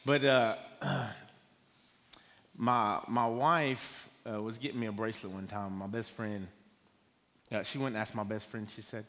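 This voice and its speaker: A man giving his first personal testimony sermon in a church, talking in a halting, nervous way with many fillers and restarts. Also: on the low side, steady tone, fairly bright tone. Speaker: guest speaker giving a testimony. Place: church sanctuary. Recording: long hall reverb.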